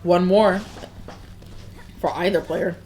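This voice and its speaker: A woman's voice: on the low side, steady tone, slow, darkish tone. A woman hosting and commentating a tournament in casual chat, laughing often and chatting while she eats. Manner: giggly, laughs often, chats while eating.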